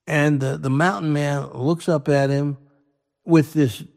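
A man's voice: on the high side, steady tone, slow pace, vocal fry, darkish tone. Rambling man telling a shaggy-dog joke. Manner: rambling, with restarts and quoted voices. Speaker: joke teller.

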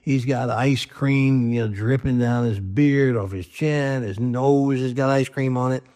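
A man's voice: medium pitch, measured pace, mellow. A man telling a long joke in a loose, rambling way, restarting his sentences and voicing his characters as he goes. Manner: rambling, with restarts and quoted voices. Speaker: joke teller.

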